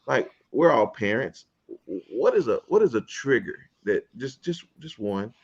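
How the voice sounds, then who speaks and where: A man's voice: mid-range voice, sing-song, unhurried, gravelly, husky, dull audio. A man hosting a casual panel talk show, laid-back and chuckling as he steers the discussion. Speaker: host.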